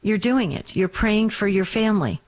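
A woman's voice: mid-range voice, lively intonation, moderate pace, darkish tone. A woman hosting a call-in radio show, encouraging and comforting callers and addressing them by name. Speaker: radio host.

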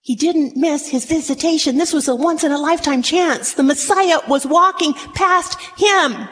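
Woman preacher, high voice, dramatic delivery, long hall echo, faint background hiss. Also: normal speed, few pauses, fairly bright tone, shouting. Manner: dramatic, acts out scripture voices. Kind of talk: sermon.

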